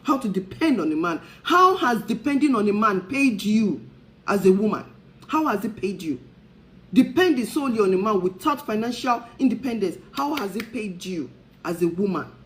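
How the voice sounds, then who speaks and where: A woman's voice: medium pitch, expressive, normal speed, rough recording. A woman hosts a talk show and delivers her message like a sermon. She presses her point with a string of repeated rhetorical questions, speaking with conviction. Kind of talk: impassioned preaching-style talk.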